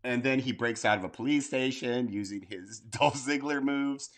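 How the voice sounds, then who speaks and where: A man co-hosting a casual wrestling podcast in a mid-range voice. He talks fast and hyper, laughs between words, and swears freely. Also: medium pitch. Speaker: podcast co-host.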